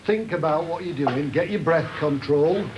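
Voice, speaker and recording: A gruff man training a wrestler in a gym, barking orders and encouragement. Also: a little high, moderate pace. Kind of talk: coaching in the ring. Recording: noisy 1980 TV documentary sound.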